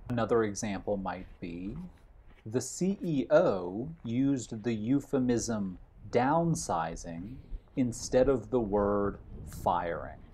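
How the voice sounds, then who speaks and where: A man giving a vocabulary lesson while walking outdoors on a hiking trail, in a measured way, defining each word and then restating his example. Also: fairly low pitch, lively intonation, dark tone, breathy edge. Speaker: vocabulary teacher.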